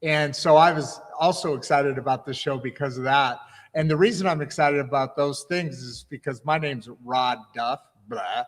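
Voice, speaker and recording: A man's voice: medium pitch, normal speed, long reverb tail. A man hosting a livestream interview, chatty and rambling, often restarting his sentences. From United States. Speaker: host.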